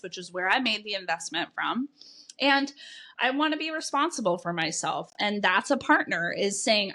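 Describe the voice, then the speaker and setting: A woman's voice: mid-range voice, lively intonation, moderate pace, bright, forceful tone. A woman life coach hosting her own podcast, talking candidly and informally, swearing freely and dropping lots of "like" and "right?" asides. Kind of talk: candid solo podcast monologue.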